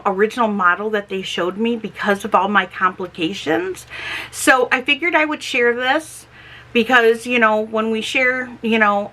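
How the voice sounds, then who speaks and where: On her homestead vlog, a talkative middle-aged woman chats casually in a bright, forward voice pitched on the high side. She speaks with slow care, her dentures giving her S sounds a slight lisp and slur.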